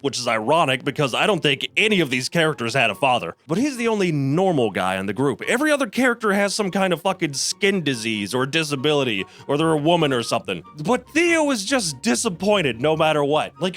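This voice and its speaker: A man's voice: on the high side, a bit bright. A man giving a sarcastic, profane comedic review of a video game.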